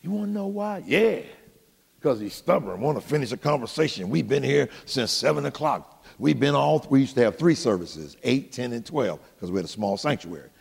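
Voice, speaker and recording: Gravelly older pastor preaching. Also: male voice, medium pitch, normal speed, big-room sound. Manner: folksy, animated, talks straight to the congregation. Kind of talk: storytelling sermon.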